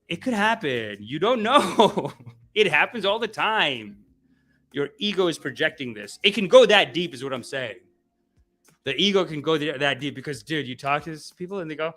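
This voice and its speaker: A man's voice: a little high, expressive, normal speed, a bit bright. A young man hosting a satirical spiritual-guru livestream, mock-preachy and playful, reading chat comments and mimicking people. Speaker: comedy guru host.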